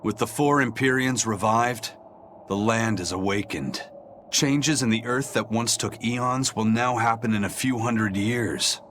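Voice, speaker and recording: An actor voicing a stern, seasoned male fighter in a video game, speaking in a gruff, calm, matter-of-fact way. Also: fairly low pitch, unhurried, slight background noise. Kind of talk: game voice acting.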